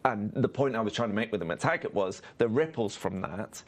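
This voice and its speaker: A screenwriter being interviewed on stage, speaking haltingly with many restarts and fillers. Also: male voice, lowish voice, expressive. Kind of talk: conversational interview. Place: on stage at a live festival event.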